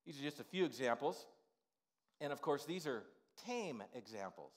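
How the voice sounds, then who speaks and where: A man's voice: a little high, big pitch swings, moderate pace. A male pastor delivering an informal, conversational sermon in a church sanctuary, full of "you know" asides.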